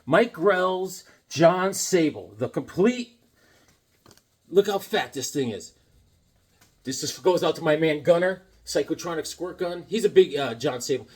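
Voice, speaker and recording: A man's voice: on the high side, lively intonation, a little slow, darkish tone, slightly rough. Rambling, jokey man chatting about comics. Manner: rambling, jokey, drifts between topics and puts on silly voices. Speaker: comic vlogger. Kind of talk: casual chat about comics.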